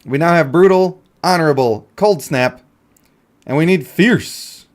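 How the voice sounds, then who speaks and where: Playful man with a higher voice. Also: measured pace. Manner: playful, jokey, talks to himself and viewers. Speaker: gaming YouTuber. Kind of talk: casual gameplay commentary.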